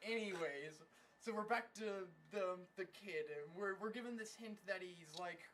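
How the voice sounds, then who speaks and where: A young man with a high, light voice rattles through a cartoon recap with crude, profane sarcasm. He mocks every character as he goes, in a loose, rambling, casual way. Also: a little slow, a bit bright, slight background noise, poor audio. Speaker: anime reviewer.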